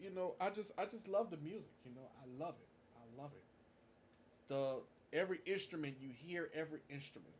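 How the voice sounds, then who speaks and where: Guy talking to camera, kinda high voice, keeps repeating stuff for emphasis. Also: a little mellow, slight background noise. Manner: emphatic, repeats his points for stress. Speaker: marching band fan vlogger. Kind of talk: casual tribute monologue to camera.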